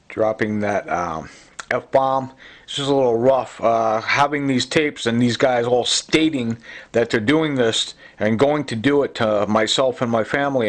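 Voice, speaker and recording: A middle-aged man giving a rambling, agitated personal testimony, full of fillers and repeats. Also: mid-range voice. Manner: agitated, repetitive, many fillers. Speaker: self-recorded complainant.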